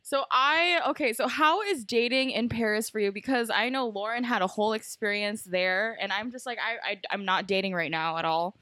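Excitable young woman with a higher voice. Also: normal speed, hardly any pauses, no echo. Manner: excitable, teasing. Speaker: podcast host. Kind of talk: casual chat.

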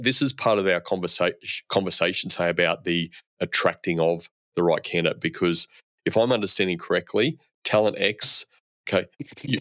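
Brief: low-voiced man as podcast host, loose rambling questions, very dry sound. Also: a bit bright, no echo. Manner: rambling, many restarts as he frames questions. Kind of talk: conversational podcast interview.

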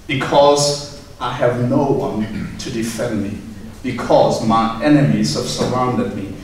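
A man's voice: mid-range voice, slight background noise. Man preaching in an echoey hall. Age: adult with a young son. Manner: rising to impassioned proclaiming, then quiet and reflective. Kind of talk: sermon. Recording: echoey hall from far off, faint ambience.

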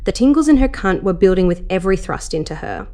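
A woman narrating an adult story in a soft, steady reading voice as the channel host. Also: mid-range voice, fast.

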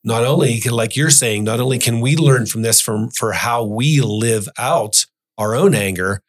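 A man's voice: medium pitch, moderate pace. Male podcast host with a mid-range voice, earnest, reads scripture aloud. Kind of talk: Bible study discussion.

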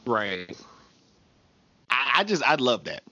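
A man's voice: medium pitch, big pitch swings, slow, sharp tone, no room sound. A man in his twenties co-hosting a podcast, chatting casually and animatedly about a TV episode, full of slang and laughter. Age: 20s. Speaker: podcast co-host. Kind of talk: casual chat recapping a TV episode.

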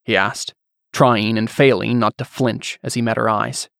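A man reading fantasy fiction as narrator, in a measured storyteller's way. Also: on the low side, fairly even intonation, vocal fry, fairly bright tone, dry recording, clean studio sound.

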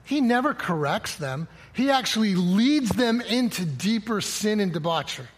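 A man's voice: high-pitched, animated, moderate pace, slightly rough. A middle-aged man preaching a conversational sermon, quoting scripture and acting out little dialogues. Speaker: pastor.

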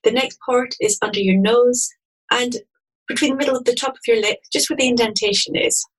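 A woman explaining a tapping technique step by step, in a gentle and calm manner. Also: fairly high pitch, fairly quick, breathy edge, poor audio. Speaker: EFT practitioner guest. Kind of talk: guided instruction in an interview.

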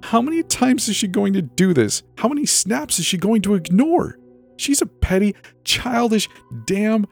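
A man's voice: sits high, expressive, moderate pace, creaky, slightly rough, faint music behind, voice pushed up, full character voice. A man voicing an angry teenage girl who hisses her thoughts with venom. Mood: seething. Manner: venomous hissing. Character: furious, petty teenage girl.

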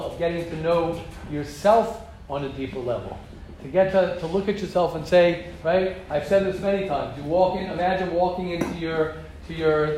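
Middle-aged American man, Torah class teacher, animated and repetitive, slightly high voice, echoing study hall, faint background noise. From United States. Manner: animated and repetitive, acts out quoted speech. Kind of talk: informal religious lecture.

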